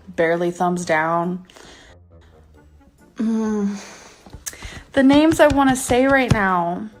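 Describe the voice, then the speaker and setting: A woman's voice: fairly high pitch, a little mellow. A woman in her thirties ranting angrily to camera in a vlog, swearing and stressing her words. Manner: angry, profane, emphatic rant. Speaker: YouTuber.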